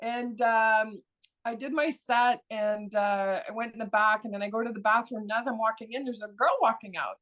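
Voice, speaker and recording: A woman's voice: a little high, fairly even intonation, moderate pace, a bit bright. A woman comedian hosting a podcast, candid and casual, asking eager questions and swearing freely.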